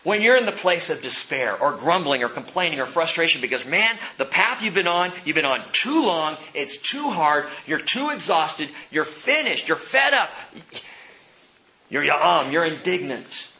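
A man in his forties, a pastor preaching a sermon, who shifts from hushed, slow emphasis to loud, high-pitched exhortation. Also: big pitch swings, muffled recording. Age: 40s.

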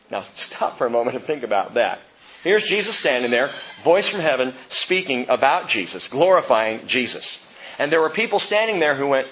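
A man's voice: a little high, sing-song, a little fast, a bit bright, muffled recording. A man preaching a sermon, reading scripture aloud and posing rhetorical questions. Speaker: pastor.

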